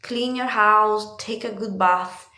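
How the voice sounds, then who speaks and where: Woman from italy, slow unhurried talk, chatty and swearing, card reading, echoey room. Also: medium pitch, pushed and bright. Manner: chatty, swears freely, laughs often. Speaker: tarot card reader. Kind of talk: casual spiritual card reading.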